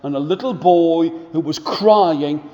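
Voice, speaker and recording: Slow-paced storyteller man in an echoing hall. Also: fairly high pitch. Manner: animated, drawing the children in to join the actions. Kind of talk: storytelling to schoolchildren. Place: school hall.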